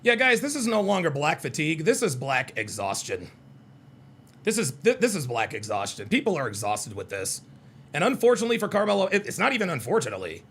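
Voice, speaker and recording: A Southern American man hosts a live call-in reaction show, his fairly high voice very animated, fairly quick and a bit bright. He's profane and combative, delivering heated commentary and repeating himself often, with slight background noise behind him.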